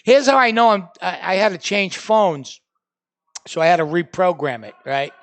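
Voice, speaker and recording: A middle-aged man with a Boston accent hosting a comedy show, trading quick wisecracks in casual banter. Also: high voice, a bit bright.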